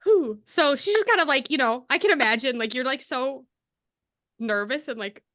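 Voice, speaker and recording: A woman's voice: high-pitched, animated, moderate pace, bright, forceful tone. A woman co-hosting a podcast, animatedly retelling a story with frequent laughs and fillers. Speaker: podcast co-host. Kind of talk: casual chat retelling a story.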